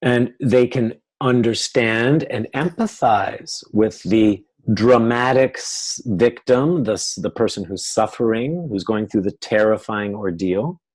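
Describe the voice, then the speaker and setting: A man's voice: fairly low pitch, slow, few pauses, a little mellow, husky, poor audio. A man leading a live webinar, explaining ideas and acting out what clients say in quoted voices. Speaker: webinar teacher.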